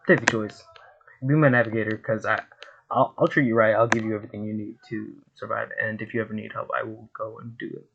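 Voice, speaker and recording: A man voicing a brash, cocky young male pirate captain who shouts excitedly, then talks smugly, over a noisy home recording. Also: on the low side, brisk, gravelly, dull audio.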